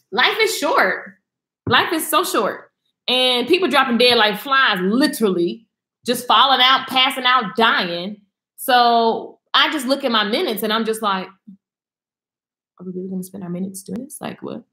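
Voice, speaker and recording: Hosting a casual live video chat from indoors at home, a woman talks bluntly and sassily in a no-nonsense way. Her voice is on the high side, pushed and bright, and the room sounds echoey.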